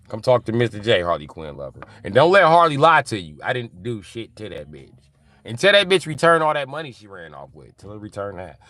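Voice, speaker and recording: Lively, bright-toned man on a live stream. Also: on the low side, fairly quick, dry recording. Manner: animated, laughing, profane banter. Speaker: live streamer reading chat. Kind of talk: casual live-stream chat.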